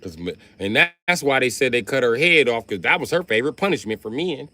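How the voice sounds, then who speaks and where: A man's voice: mid-range voice, fast talker. A man on a live stream delivering a profane comic rant, swearing heavily as he goes. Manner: loud, animated, swearing heavily. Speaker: livestreamer.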